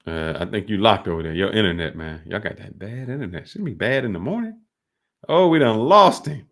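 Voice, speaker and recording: A man with a fairly low voice hosting a casual sports podcast. He tells stories with energy, his voice leaping up and getting loud as he gets into it. It sounds like a remote call setup. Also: a little fast. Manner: animated storytelling, often rising loud. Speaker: podcast host.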